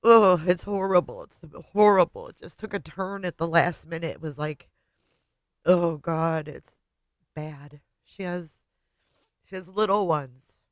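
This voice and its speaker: A woman hosting a livestream and talking casually to her viewers, tearful, halting and often trailing off quietly. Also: fairly low pitch, no echo. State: tearful, voice breaking. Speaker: livestream host.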